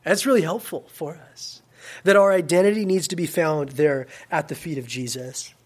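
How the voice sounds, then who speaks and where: A man with a slightly high voice delivers a relaxed, conversational sermon as a youth pastor. He pushes some points out loud and with energy, then drops to soft, quiet asides. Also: moderate pace. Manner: casual and animated, swings between loud emphasis and quiet asides.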